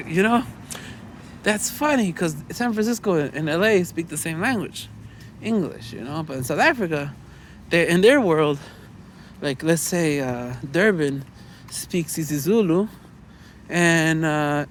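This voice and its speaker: High-voiced man rambling by a street. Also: animated, a little slow, fairly bright tone, a little hiss or hum. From United States. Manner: loose and chatty, lots of "you know" and "man", swearing. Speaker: vlogger. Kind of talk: rambling casual monologue.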